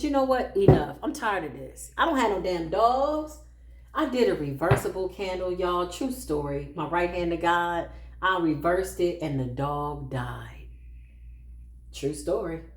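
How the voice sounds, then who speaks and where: A woman spiritual practitioner telling stories in a casual, sassy, animated way, laughing often and acting out what people said. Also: fairly low pitch, noisy background. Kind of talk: casual storytelling monologue. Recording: roomy echo.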